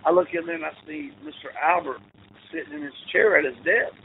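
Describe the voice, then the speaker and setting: A man's voice: sits high, very animated, fairly quick, creaky. A man, a football coach telling rambling stories in a casual chat. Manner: rambling anecdotes with laughs and restarts. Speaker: interview guest, football coach. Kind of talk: casual storytelling. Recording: tinny phone-like call audio with faint noise.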